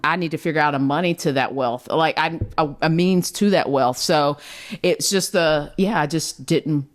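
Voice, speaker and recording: A woman co-hosting a podcast, telling a childhood story in casual chat, animated and laughing, acting out family voices. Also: low voice, moderate pace. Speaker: podcast co-host.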